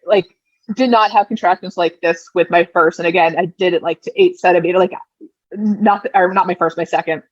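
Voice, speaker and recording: A woman's voice: lowish voice, fairly quick, no room sound, muffled recording. A woman in her thirties, a podcast guest, telling a personal story in a casual way and acting out the lines people said. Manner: lively retelling, acting out quoted lines.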